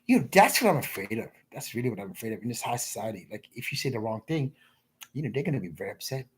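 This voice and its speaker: A man rambling in crude off-the-cuff commentary, mumbling and trailing off into low asides. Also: sing-song, quick pace, slight background noise. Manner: crude, rambling, self-interrupting.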